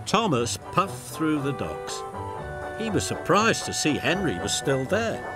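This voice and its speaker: A man narrating a children's story in a gentle, expressive way. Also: medium pitch.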